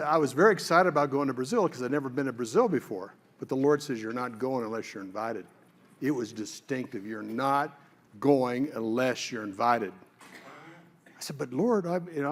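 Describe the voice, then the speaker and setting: A man with a voice a little above the usual pitch tells his personal testimony. He speaks in a conversational way and pauses often as he recalls what happened. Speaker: guest telling a testimony.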